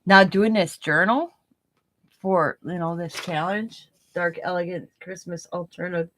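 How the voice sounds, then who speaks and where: A woman hosts her craft channel, chatting casually while she works, in a fairly low, a bit bright voice with fairly even intonation. She speaks a little slowly, rambling, giggling often, repeating herself and stuttering lightly. There's slight background noise.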